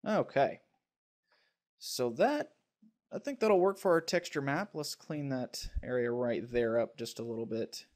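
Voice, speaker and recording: A man teaching a software tutorial over a screen recording, talking in a relaxed way and thinking aloud with fillers. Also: medium pitch, unhurried.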